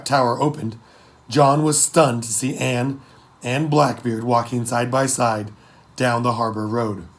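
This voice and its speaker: Gravelly male audiobook narrator. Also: mid-range voice. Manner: steady storytelling. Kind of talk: scripted narration.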